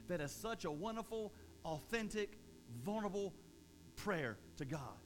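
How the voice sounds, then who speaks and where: Animated man preaching a casual sermon. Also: high voice, unhurried, a little hiss or hum. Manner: conversational, animated, acts out quotes. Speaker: pastor.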